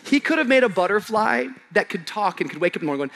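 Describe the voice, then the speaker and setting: A man preaching a sermon to a live congregation, casual and slangy, swinging from shouted emphasis to quiet low asides. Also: very animated, rapid-fire, creaky, a little hiss or hum. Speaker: pastor.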